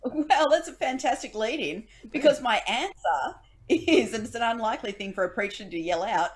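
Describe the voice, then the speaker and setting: A woman playing in a live quiz show, cheeky and quick to joke back at the host. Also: a little high, lively intonation. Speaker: quiz player. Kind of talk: casual live quiz banter.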